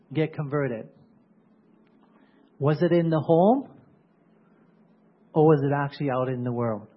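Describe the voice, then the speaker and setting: With a fairly high, husky voice, this male preacher keeps turning to his congregation with questions as he delivers his sermon. Sound quality is low-fi and flat, with a muffled top end.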